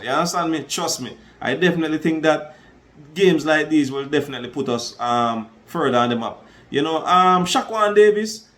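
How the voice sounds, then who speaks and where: High-voiced Jamaican man talking sports. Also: fairly bright tone. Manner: repeats "trust me" and "you understand me". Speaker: sports commentator. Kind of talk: casual sports talk monologue.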